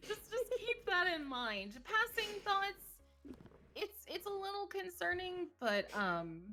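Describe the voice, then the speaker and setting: A woman's voice: extremely high pitch, sing-song, takes it slowly, sharp tone, faint music behind. A woman therapist, a streaming guest, talking candidly about mental health with frequent laughter and jokes. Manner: candid, joking, laughs often. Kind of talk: livestream conversation.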